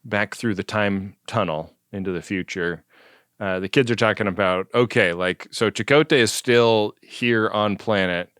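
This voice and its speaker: A man with a lowish, resonant voice chats casually on a podcast, recapping a show in a relaxed way and laughing easily. He leans on "like" as a filler. The sound is close and dry, with no room around it. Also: moderate pace, clear, resonant tone, dry recording. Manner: laid-back, laughs often, many "like" fillers. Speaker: podcast co-host. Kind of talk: casual chat recapping a TV episode.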